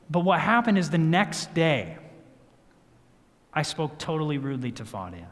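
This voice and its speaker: A man giving a health talk at a church, telling a story in an animated way and acting out what people said. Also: on the high side, moderate pace, long pauses. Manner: storytelling, animated, acts out quotes. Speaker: guest speaker. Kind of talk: sermon-style health talk. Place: church sanctuary. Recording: church hall reverb.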